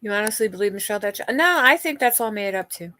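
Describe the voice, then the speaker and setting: A woman hosts a livestream, chatting casually and gossiping with her viewers while swearing freely and often restarting sentences. Her medium-pitched voice is lively in intonation, fast, pushed and bright, with no echo.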